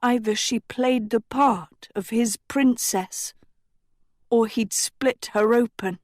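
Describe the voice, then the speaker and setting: A woman reading a storybook aloud in scripted narration, slow and deliberate. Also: on the high side, a little mellow, no echo, clean studio sound. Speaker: audiobook reader.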